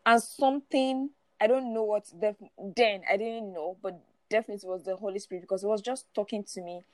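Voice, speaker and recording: A woman's voice: medium pitch, fairly even intonation, brisk, a little mellow, no room sound. A woman in her forties sharing her personal testimony as a guest, often laughing through it and repeating words as she goes. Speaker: guest speaker.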